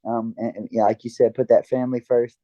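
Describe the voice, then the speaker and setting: A man's voice: medium pitch, flat delivery, brisk, warm tone, no echo. A man as a guest in a casual interview chat, talking in an earnest, reflective way. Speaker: guest, karate fighter and dojo owner. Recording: dull lo-fi dry sound.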